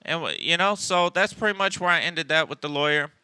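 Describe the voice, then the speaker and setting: Blunt, cussing man with a bright voice. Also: a little high, brisk, clean tone, no room sound. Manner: blunt, profane, street-smart. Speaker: EMS worker and instructor. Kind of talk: casual podcast storytelling.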